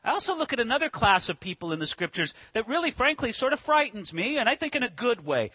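Male pastor with a high voice, preaching earnestly in a dry, close room. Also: sing-song, quick pace, hardly any pauses, pushed and bright, husky, no room sound. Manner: earnest, asks rhetorical questions. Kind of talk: sermon.

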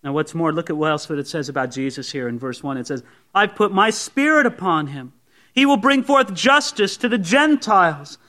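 A man's voice: a little high, lively intonation, moderate pace, bright, forceful tone. A man preaching a sermon to a congregation, talking conversationally and acting out objections from listeners. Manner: conversational, voices imagined objections. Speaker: pastor. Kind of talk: expository sermon. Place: church service before a congregation.

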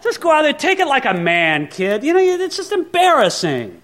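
A man's voice: extremely high pitch, wildly swooping pitch, moderate pace, fairly bright tone, voice pushed up, heavily acted. A man doing exasperated grumbling soldiers. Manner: exasperated, complaining. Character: embarrassed Israelite soldiers, grumbling men.

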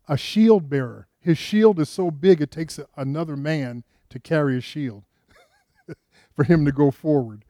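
Mellow-voiced preacher man, dry sound. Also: a little high, no echo. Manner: conversational storytelling with rhetorical questions; frequent restarts, rises with emphasis. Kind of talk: sermon.

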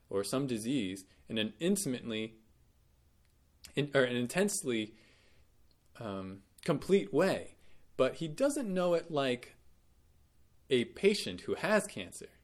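A man teaching a Bible lesson in a careful, explanatory way, often correcting himself mid-sentence and giving quoted lines extra emphasis. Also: mid-range voice.

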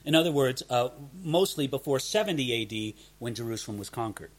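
A man's voice: medium pitch, lively intonation, fairly quick. A man teaching a Bible passage verse by verse, earnest, often repeating words as he starts a sentence.

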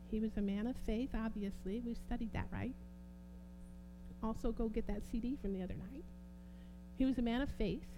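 A woman preaching a sermon, fervent and swinging from quiet talk to loud exclamations. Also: a little high, noisy background.

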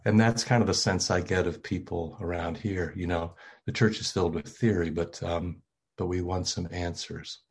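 Older pastor guy preaching, real low husky voice, chatty and joking at himself, lots of ums. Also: fairly even intonation, moderate pace. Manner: conversational, self-deprecating, many fillers. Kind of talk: sermon.

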